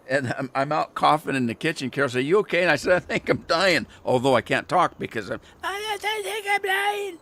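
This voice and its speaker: Chatty older man with a bright voice. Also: fairly high pitch, vocal fry. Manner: rambling storyteller, chuckling often. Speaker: gaming livestreamer. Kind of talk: casual chat while playing.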